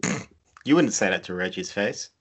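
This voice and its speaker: A man's voice: fairly low pitch, expressive, normal speed, breathy edge. A man co-hosting a casual wrestling chat, talking bluntly and swearing casually. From southern United States. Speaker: podcast co-host.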